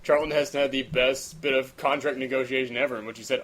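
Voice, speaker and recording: A man's voice: mid-range voice, fairly even intonation, quick pace, few pauses, fairly bright tone, a little hiss or hum. A man hosting a casual podcast, steering the talk and telling jokey anecdotes with frequent laughs. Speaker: podcast host. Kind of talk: casual chat.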